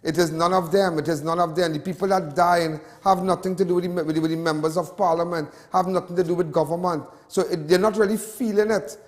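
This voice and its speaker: A man's voice: high-pitched, steady tone, quick pace, hardly any pauses, big-room sound. A Trinidadian man hosting a show, ranting with passion and repeating himself. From Trinidad and Tobago. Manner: impassioned, repetitive ranting. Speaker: host. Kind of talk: ranting commentary.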